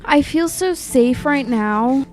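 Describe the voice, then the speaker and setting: Casting: a woman with a slightly high voice and an unhurried delivery, doing chatty, excitable gameplay commentary. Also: soft background music. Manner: chatty, excitable, talks to the game's creatures. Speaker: Minecraft YouTuber.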